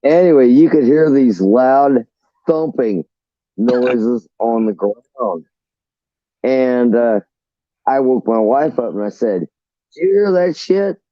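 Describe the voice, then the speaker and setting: A man's voice: medium pitch, takes it slowly, mellow, no echo. A man rambles through a story with plenty of cursing and restarts, taking his time over every sentence. His voice comes through a dull, lo-fi line with no room sound around it. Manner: rambling, profane, restarts often. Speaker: caller. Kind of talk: casual storytelling on a call-in show.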